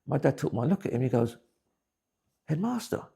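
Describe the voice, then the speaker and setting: A man's voice: mid-range voice, racing, gravelly, warm tone, breathy edge. A man, giving blunt, plain-spoken personal testimony. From England. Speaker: interviewee.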